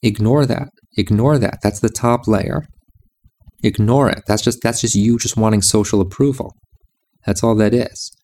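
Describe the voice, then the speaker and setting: A man's voice: lowish voice, steady tone, moderate pace, darkish tone, a little hiss or hum. A man giving a reflective monologue about music and meditation, insistent and repeating his phrases.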